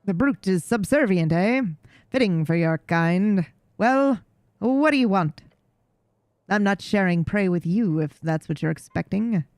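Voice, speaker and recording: A woman's voice: medium pitch, expressive, unhurried, darkish tone, no room sound. Woman voicing a haughty posh tomcat. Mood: scornful. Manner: posh mock-transatlantic drawl, scornful. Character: haughty regal male black cat, jaded and vain. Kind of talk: reading game dialogue aloud.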